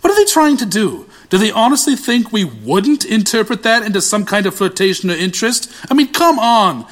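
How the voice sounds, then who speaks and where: High, whiny comic narrator, a man. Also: sing-song, fairly quick. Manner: whiny, self-pitying, rambling asides. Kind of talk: comedic audio drama narration.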